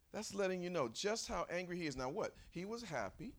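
A man preaching a sermon in a church, acting out angry quotes and shouting at the peaks. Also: sits high, lively intonation, fairly quick.

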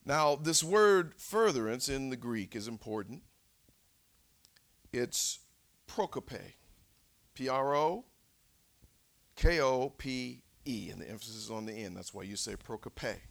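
A male preacher delivering a sermon, swinging from shouts to near whispers and calling out for responses from the congregation. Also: medium pitch, expressive, unhurried, creaky, pauses often.

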